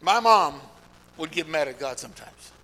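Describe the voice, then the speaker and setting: A middle-aged man preaching a sermon in a large church, calling out to the congregation and swinging between shouting and hushed talk. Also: fairly high pitch, animated, moderate pace, a little hiss or hum. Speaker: pastor. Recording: long hall reverb.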